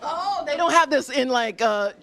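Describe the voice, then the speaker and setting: A woman's voice: high voice, lively intonation, moderate pace, a crowd in the background. A woman hosting on location in a restaurant, chatting with diners in a bubbly, gushing way and laughing often. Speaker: on-location host interviewing diners. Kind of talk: upbeat casual interviewing. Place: busy restaurant.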